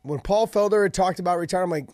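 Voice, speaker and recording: A man talking casually as an interview guest, jokey and relaxed. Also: high-pitched, racing, dry recording, studio quality. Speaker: interviewee, former pro fighter. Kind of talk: casual chat.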